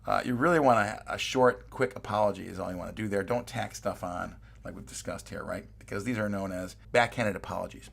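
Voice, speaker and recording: A man delivers a recorded college lecture in a relaxed, conversational manner. His voice sits a little low and has a gravelly fry to it. He reads quoted examples aloud and keeps checking in with his listeners. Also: fairly quick, few pauses.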